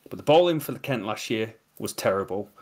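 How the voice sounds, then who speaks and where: A man's voice: fairly low pitch, expressive, fairly quick. Rambling man talking cricket. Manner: rambling, opinionated, tells anecdotes. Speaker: podcast co-host. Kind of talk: casual cricket podcast chat.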